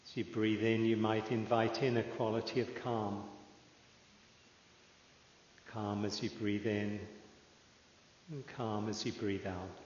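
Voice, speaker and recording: A man leading a guided meditation in a slow, calm way with long pauses. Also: lowish voice, a little hiss or hum. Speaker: meditation teacher. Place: meditation hall. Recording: echoey hall, dull lo-fi sound.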